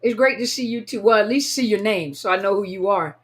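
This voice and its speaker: A woman with a mid-range voice talks a little fast while hosting a casual livestream at home in California. She reads viewers' names aloud one by one and greets them warmly and chattily, sounding a touch tired.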